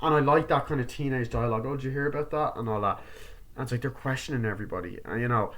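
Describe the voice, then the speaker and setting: A man's voice: medium pitch, pushed and bright. A man giving a casual movie review, rambling with lots of fillers and briefly acting out characters' lines. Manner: rambling, acts out characters' lines in quick impressions; heavy use of filler words like "like" and "you know". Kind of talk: casual film review vlog.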